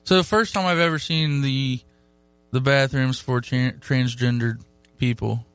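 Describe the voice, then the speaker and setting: A man's voice: medium pitch, steady tone, measured pace, fairly bright tone, clean tone, dry recording, faint music behind. A man cohosting a casual podcast, asking rambling, hesitant questions. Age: adult parent. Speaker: guest cohost. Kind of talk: casual chat.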